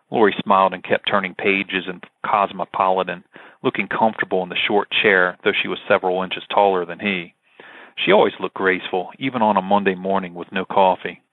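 A man with a very low voice reads fiction steadily. The sound is thin and phone-like, and the recording is dry, with no room echo. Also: fairly even intonation, fairly quick. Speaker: audiobook narrator. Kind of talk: scripted narration.

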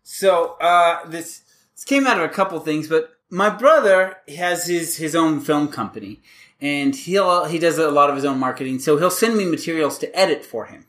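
A man's voice: fairly high pitch, animated, normal speed, fairly bright tone. A man hosting a casual podcast, explaining writing and grammar in a chatty, rambling way with many restarts. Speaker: podcast host.

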